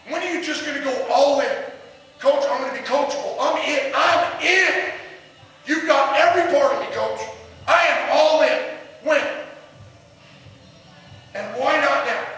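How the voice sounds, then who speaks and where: Middle-aged man, football coach firing questions at his team; high, sharp voice in a roomy hall far from the mic. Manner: intense, preaching, repeated challenging questions. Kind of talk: motivational team speech. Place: large echoey room with the team. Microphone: far camera. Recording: echoey hall recorded from far off.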